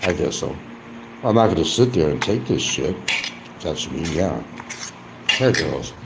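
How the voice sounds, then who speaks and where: A man's voice: rumbling low, sing-song, unhurried, vocal fry, heavy background noise. A man talking casually on a livestream, blunt and combative, with rambling asides. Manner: eating while talking at times.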